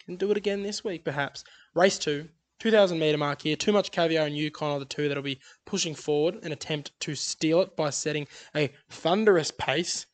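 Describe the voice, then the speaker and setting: An upbeat man talks through his racing tips, rattling off odds and form. His voice sits a little higher than most men's. He sounds like a relaxed podcast co-host chatting with a friend. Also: normal speed. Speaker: podcast co-host tipping horse races. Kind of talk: casual racing tips chat.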